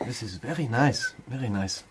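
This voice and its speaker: An actor playing a humble young German escaped prisoner-of-war officer, who speaks formal, halting English with a German accent in a radio drama. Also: male voice, mid-range voice, slight background noise, lightly acted. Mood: weary, polite.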